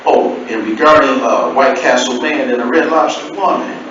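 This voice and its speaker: A man in his fifties telling comic stories live on stage, animated and swooping between deep and shouted lines. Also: normal speed, noisy background. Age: 50s. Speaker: storyteller. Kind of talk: live storytelling performance. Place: storytelling event hall. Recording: echoey hall from far off, dull.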